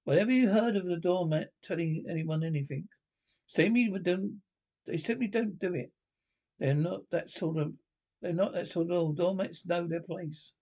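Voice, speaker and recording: A man's voice: sits high, normal speed, gravelly, a little mellow. A man reading a storybook aloud and voicing a peevish, complaining male mole. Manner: grumbling, complaining.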